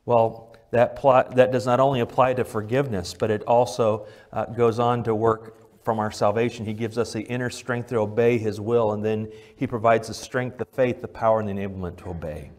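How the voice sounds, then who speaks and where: Guy with a lowish voice preaching at church, gets loud then drops real quiet, asks the congregation stuff. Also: steady tone, brisk, hardly any pauses. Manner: swings between loud emphatic lines and low quiet ones; asks the congregation direct questions. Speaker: pastor. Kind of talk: sermon. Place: church service.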